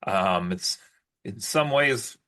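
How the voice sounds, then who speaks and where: A man's voice: lowish voice, expressive, slow pace, pushed and bright. A man co-hosting a casual podcast chat, hedging his words and steering the talk along. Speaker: podcast co-host.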